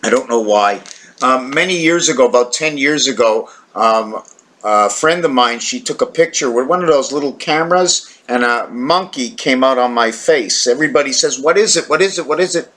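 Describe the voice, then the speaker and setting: A man's voice: mid-range voice, moderate pace, a bit bright. A tired man talking to camera in a rambling, wandering monologue, questioning himself and breaking into playful sound effects. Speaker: video maker.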